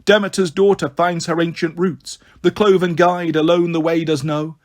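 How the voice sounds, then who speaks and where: A man voicing a possessed girl who chants a prophecy in a deep, neutral monotone, read slowly in an audiobook. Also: close to an everyday voice. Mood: solemn chanting.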